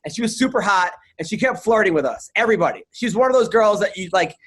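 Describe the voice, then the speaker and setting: A man from New York hosting a podcast, his voice sitting high for a man. He tells crude stories in a loose, animated way and swears freely. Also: fast talker, breathy edge. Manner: swears freely, animated storyteller who acts out the people in his anecdotes. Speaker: podcast host and comedian. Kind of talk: casual storytelling chat.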